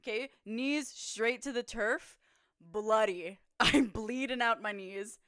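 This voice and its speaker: A woman co-hosting a podcast, telling an embarrassing story in a lively, profane way with lots of "like" fillers. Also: on the high side, slow, smooth, dry recording, studio quality. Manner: animated, profane, full of "like" fillers. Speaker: podcast co-host. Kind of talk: casual storytelling chat. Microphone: streaming setup.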